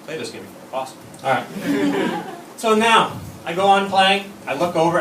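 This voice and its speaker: A man's voice: a little high, very animated, fast. Bawdy stand-up comic man, echoey room. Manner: bawdy, storytelling with acted-out quotes. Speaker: stand-up comedian. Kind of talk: stand-up comedy set. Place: comedy club stage. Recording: echoey room, from far off, noisy.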